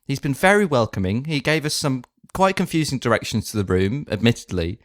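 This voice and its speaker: A man in an improvised comedy audio drama, talking in a breezy, dismissive, gently sarcastic way. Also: medium pitch, sing-song, a little fast, no echo, studio quality. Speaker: comedy podcast co-host.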